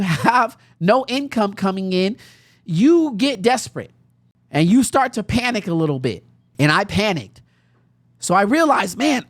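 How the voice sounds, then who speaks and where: Speaking in a somewhat high voice, this young woman hosts a podcast and animatedly shares a personal story, laughing in bursts as she goes. The studio sound is clean, with no echo.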